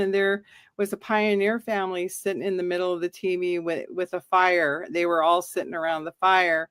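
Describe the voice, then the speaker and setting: A woman's voice: lowish voice, moderate pace, smooth, no room sound, clean studio sound. Middle-aged woman telling a ghost story. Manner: animated, acts out quoted lines. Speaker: guest storyteller.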